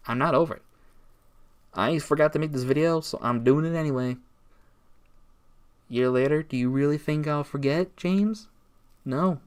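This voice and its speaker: A man with a somewhat high voice ranting in a casual vlog. He sounds aggrieved and sarcastic and keeps goading the person he is talking about. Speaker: YouTuber.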